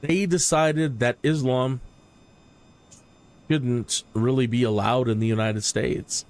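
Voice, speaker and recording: A man's voice: mid-range voice, steady tone, takes it slowly, darkish tone. A man hosting a livestream, talking in a rambling, opinionated way and often repeating words. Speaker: flight sim streamer. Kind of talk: casual livestream commentary.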